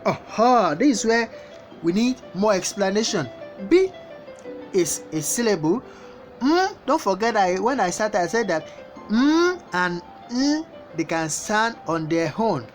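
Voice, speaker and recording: Woman, language teacher, repeats words slowly, guitar music in the background. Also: medium pitch, sing-song, a little mellow. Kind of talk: language lesson. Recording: guitar music playing behind the voice.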